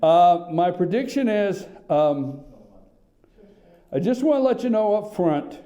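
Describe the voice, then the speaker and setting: A man's voice: high voice, lively intonation, takes it slowly, dark tone, dull audio. Worked-up, rambling talk radio host man. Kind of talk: political talk radio monologue. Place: small radio studio.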